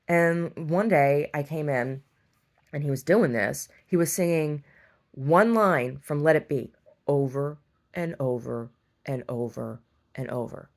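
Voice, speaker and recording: Woman, middle-aged, low voice, exasperated, rambling, casual storytelling. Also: slow. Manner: rambling and exasperated, many restarts. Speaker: store owner.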